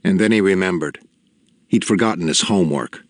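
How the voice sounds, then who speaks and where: A man narrating an audiobook in a measured, deliberate storytelling manner with quiet gravity. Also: sits low, no echo. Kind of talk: scripted narration.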